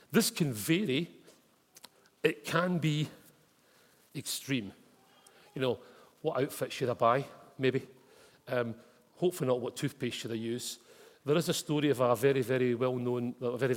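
A Scottish man preaching a chatty storytelling sermon, dropping in local words like wee and mate. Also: mid-range voice. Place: church hall with congregation. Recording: long reverb of a church hall.

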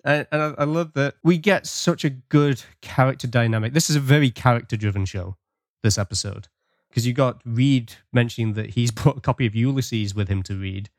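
A man's voice: medium pitch, brisk, no room sound, studio quality. A man co-hosting a podcast in casual chat, enthusiastic and breaking into small laughs as he recaps. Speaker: podcast co-host.

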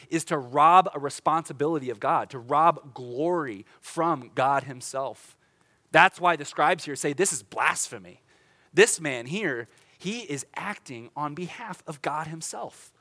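A young adult man, a pastor, preaching a conversational sermon, chatty and light, slowing down for dramatic lines. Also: on the high side, bright, forceful tone. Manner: conversational, with laughs and dramatic slowdowns.

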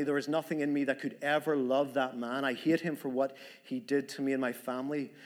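A man's voice: mid-range voice, close to an everyday voice. A man reading as an elderly woman survivor. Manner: steady, solemn first-person retelling. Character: elderly woman camp survivor, grave and earnest.

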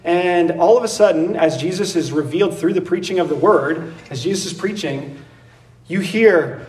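A man preaching a sermon in a conversational, animated way, laughing and acting out voices as he goes. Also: high-pitched, moderate pace, recorded from a distance. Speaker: pastor. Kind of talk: expository sermon.

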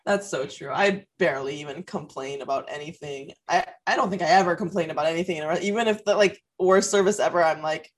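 A woman's voice: deep voice, fast talker, hardly any pauses. A woman co-hosting a podcast in casual chat, a bartender who laughs often as she tells her stories. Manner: laughs often while telling animated stories. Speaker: podcast co-host.

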